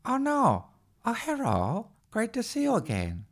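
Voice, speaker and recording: Whiny, high puppet-dictator squeak. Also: male voice, wildly swooping pitch, a little slow, full character voice. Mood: shrill, wheedling. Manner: squeaky, whining impression. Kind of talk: comic movie impression.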